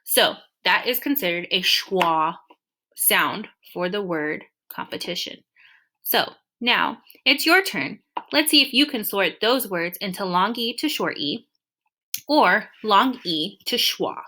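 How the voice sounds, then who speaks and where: A young woman teacher walking through a screen-recorded lesson, patiently explaining and drawing out example words slowly. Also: mid-range voice, expressive, bright, forceful tone.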